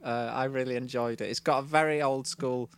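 A man's voice: medium pitch, fairly even intonation, a little fast, smooth. A man co-hosting a podcast, talking in a casual, dry, self-deprecating way. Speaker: podcast co-host. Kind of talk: casual chat.

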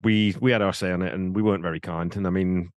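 Fast-talking man co-hosting a podcast. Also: low-pitched, steady tone, no echo, studio quality. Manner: wry, quick, given to laughing. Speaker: podcast co-host. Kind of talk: casual chat.

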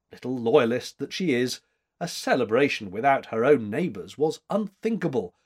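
A man narrating a chapter of a book in a measured, expressive way. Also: medium pitch. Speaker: audiobook narrator. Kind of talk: scripted narration.

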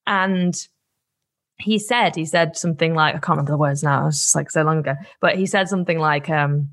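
A young woman guest telling a personal story in casual chat, animated, laughing often and filling with "like". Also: sits low, fairly quick. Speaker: guest, campaigner.

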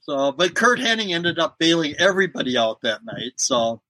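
A man's voice: a little high, sing-song, normal speed, sharp tone, dry recording, low-quality recording. A middle-aged man, a former wrestler, telling road stories in a casual interview and laughing often. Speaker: guest, former pro wrestler.

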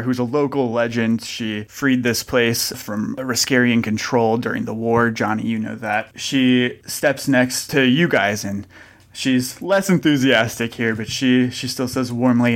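A man's voice: mid-range voice, steady tone, unhurried. A man narrating a tabletop game as game master, describing scenes in a casual, chatty way.

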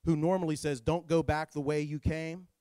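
A man preaching a sermon as pastor, with dramatic delivery that swings between hushed and shouting. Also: a little high, level tone, moderate pace, no room sound, clean studio sound.

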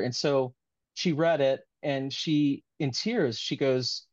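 A man's voice: medium pitch, takes it slowly, no echo, highs cut off. A man being interviewed as an author, talking in an earnest, rambling, heartfelt way in casual conversation.

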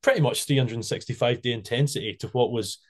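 A man hosts a casual podcast and tells stories in a loose, animated way, laughing as he goes. His voice sits at a middle pitch. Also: fast. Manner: animated storyteller, laughs a lot, loose phrasing. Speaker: podcast host. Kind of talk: casual chat.

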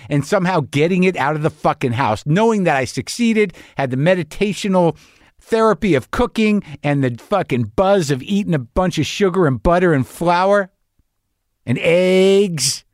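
A man's voice: sits high, dry recording, studio quality. A man hosting a podcast, telling a comic story in a profane, self-mocking rant. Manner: profane, self-deprecating ranting. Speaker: podcast host. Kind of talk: comic monologue.

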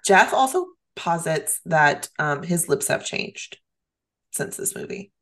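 Low-voiced, opinionated woman co-host. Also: lively intonation, slow, fairly bright tone. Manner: opinionated, fillers like um. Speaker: podcast co-host. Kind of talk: casual chat about movies.

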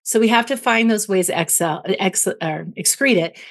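A woman's voice: medium pitch, moderate pace. A woman clinical psychologist as an interview guest, explaining emotions through everyday analogies and checking in with "right?" as she goes. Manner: teaching through analogies, tags points with "right?".

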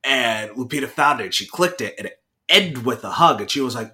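A man's voice: mid-range voice, expressive, brisk, pushed and bright. A young man co-hosting a podcast in casual chat, playful and giggly, teasing his co-host.

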